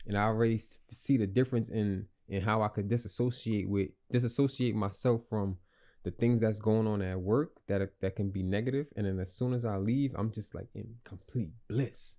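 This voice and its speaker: A man's voice: fairly low pitch, warm tone. A young man hosting a casual motivational podcast, rambling and repeating himself in slangy, earnest talk. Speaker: podcast host.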